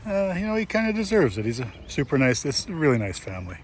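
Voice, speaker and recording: A vlogger with an Iron Range Minnesota accent narrates a casual travel vlog, rambling easily and chuckling often, first outdoors at an engine show and then inside a vehicle. His voice is a little high, very animated, and fast. The outdoor recording is noisy with vehicle sounds.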